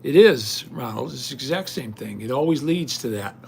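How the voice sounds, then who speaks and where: A man's voice: medium pitch, animated, normal speed, gravelly, a little mellow, slight background noise. An older man hosting a livestream, ranting indignantly and rambling straight at his viewers. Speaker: livestream host. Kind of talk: casual rant to viewers.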